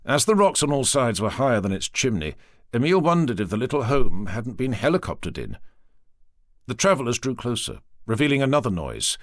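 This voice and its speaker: A male audiobook narrator telling the story with lively, expressive delivery. His pitch moves freely at a middle height, recorded close in a dry studio. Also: no room sound. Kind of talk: scripted narration.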